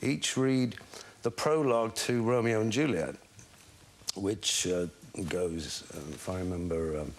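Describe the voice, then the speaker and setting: A man's voice: fairly low pitch, steady tone, measured pace. Older man telling drama school anecdotes. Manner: storytelling, mimics the people he quotes. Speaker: interviewee, former drama school classmate. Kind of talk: anecdotal documentary interview.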